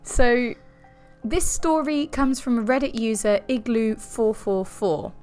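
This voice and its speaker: A woman's voice: on the high side, slow, a little mellow. Woman, podcast co-host, jokey storytelling, faint music behind. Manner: giggly, jokey, swears casually. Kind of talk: casual chat, telling a creepy story.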